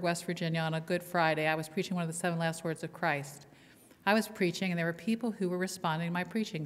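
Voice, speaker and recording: A woman pastor preaching a sermon with playful storytelling, drawing call-and-response from her congregation. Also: fairly low pitch. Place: church sanctuary. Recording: long hall reverb in church.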